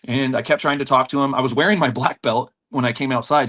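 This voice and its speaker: Medium in pitch and fast, with hardly a pause, the podcast guest, a black belt running his own jiu-jitsu school, recounts stories with gusto, doing the voices of those in them and laughing plenty.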